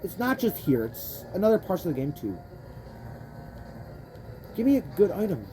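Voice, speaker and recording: Faint game music and a bit of hiss or hum accompany a young woman's warm, lowish, very animated voice at normal speed. Playing a racing game for let's play commentary, she rants with plenty of profanity, rambling in frustration and frequently stopping mid-sentence.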